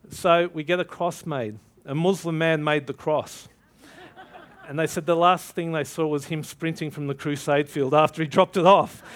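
A man preaching a sermon, telling a story with animated energy and acting out both sides of the dialogue. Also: on the high side.

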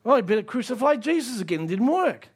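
A man preaching a sermon, emphatic, asking the audience direct questions and rising to near shouts on key lines. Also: very high voice, very animated, fast, slightly rough.

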